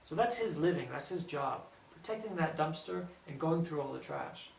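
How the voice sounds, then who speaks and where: A man with a slightly raised, gravelly voice tells a personal story in a casual, animated way, breaking into quick quoted bursts. He sits back from the mic in an echoey room, with a faint hum behind him. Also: a little high. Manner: animated storytelling, quoting others in lively bursts. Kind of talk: casual spoken anecdote. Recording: roomy echo, distant mic, faint background hum.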